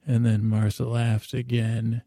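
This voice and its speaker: A man hosting a podcast, telling an improvised comic story in a rambling, halting way with many "he goes" asides. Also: mid-range voice, completely flat delivery, mellow, no echo, studio quality. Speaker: podcast host.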